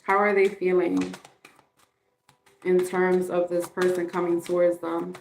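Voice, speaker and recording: A woman's voice: lowish voice, monotone, unhurried, gravelly, roomy sound, a little hiss or hum, poor audio. A woman giving a casual tarot card reading, chatty and candid, swearing and laughing often. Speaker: tarot reader.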